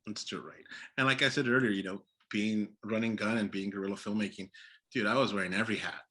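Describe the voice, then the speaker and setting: An animated man talks casually about making films, laughing often and acting out what went through his head. His voice is bright and forceful, with a slightly husky edge. He sits a little lower in pitch than most men. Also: fast. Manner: animated, laughing, acts out his own past thoughts. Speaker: filmmaker guest. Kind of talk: casual interview chat. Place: Los Angeles area.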